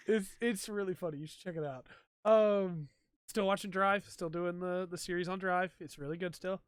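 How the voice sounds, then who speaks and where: A man's voice: high voice, fairly even intonation, moderate pace, clean tone, no echo, studio quality. A man hosting a podcast, chatting casually and rambling with lots of ums and likes. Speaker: podcast host. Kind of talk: casual solo chat. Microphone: desk mic for a stream.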